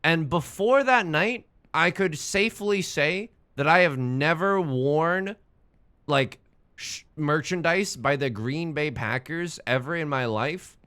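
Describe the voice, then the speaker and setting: A man's voice: on the high side, takes it slowly, bright, forceful tone, clean tone. A young man streaming a game, chatting casually in a rambling, self-mocking way and swearing when the game frustrates him. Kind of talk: casual gaming stream chat.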